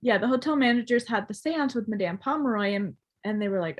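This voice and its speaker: Lively young woman chatting about books. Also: fairly high pitch, brisk. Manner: animated, laughs often, acts out quotes. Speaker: podcast co-host. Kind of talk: casual book discussion.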